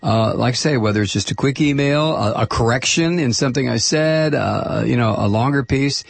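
A man's voice: medium pitch, normal speed, creaky, breathy edge. A man hosting a call-in talk radio show, chatting casually and rambling with many restarts and fillers.

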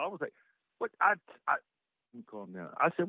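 A husky-voiced man co-hosting a loose, profane talk show. He tells stories with animated energy, tripping over restarts as he goes. The sound is dry and a bit muffled. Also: mid-range voice, fast talker, dry recording. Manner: animated storytelling, swearing, repeated restarts. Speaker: co-host. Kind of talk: casual talk show banter.

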